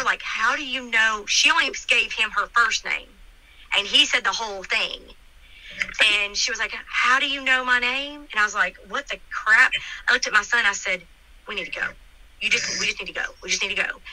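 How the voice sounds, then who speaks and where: Middle-aged woman, animated storyteller acting out quotes, bright, dry sound. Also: mid-range voice, no echo, low-quality recording. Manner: animated retelling, acts out quoted dialogue. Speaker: interviewee, neighbor telling her account. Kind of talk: emotional storytelling in an interview.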